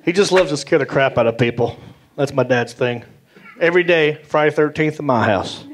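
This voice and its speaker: A middle-aged man with a Southern US accent telling animated stand-up stories on stage, acting out the voices he quotes. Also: on the high side, fairly quick, slight background noise. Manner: animated, acts out voices, drawling. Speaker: stand-up comedian. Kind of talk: stand-up storytelling. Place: comedy stage. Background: audience laughter.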